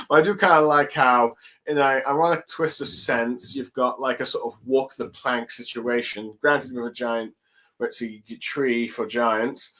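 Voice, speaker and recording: A young man casually recapping a comic chapter on his own, halting often with ums and let's sees. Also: mid-range voice, a bit bright, rough recording. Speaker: chapter reviewer. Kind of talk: casual solo commentary.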